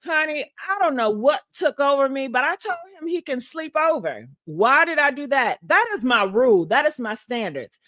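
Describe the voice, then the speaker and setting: A woman's voice: sits high, sing-song, normal speed, hardly any pauses, fairly bright tone, no echo, clean studio sound. A woman vlogger casually telling a personal story to her viewers, frank and profane, laughing often.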